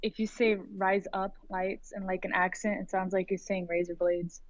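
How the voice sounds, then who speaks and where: A woman's voice: lowish voice, steady tone, brisk. A young adult woman joining a casual chat, playful and teasing, sounding dull and lo-fi from off the mic.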